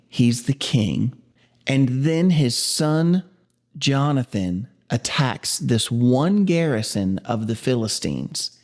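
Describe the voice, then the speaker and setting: A man's voice: mid-range voice, darkish tone. Man giving a casual video Bible teaching. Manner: conversational, rambling asides, reads scripture slowly. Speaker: pastor.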